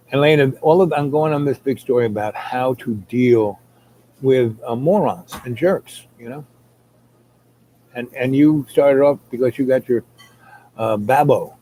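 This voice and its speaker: A man's voice: medium pitch, dark tone, slight background noise, low-quality recording. A man telling a long rambling story, full of fillers, who acts out the people he quotes. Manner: meandering, many fillers, acts out quoted voices.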